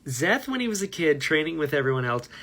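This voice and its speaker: A man's voice: fairly high pitch, sing-song, fast talker, sharp tone. A man talking casually to camera about a book he is reading, rambling and enthusiastic, laughing at himself. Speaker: book vlogger. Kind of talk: casual book reaction vlog.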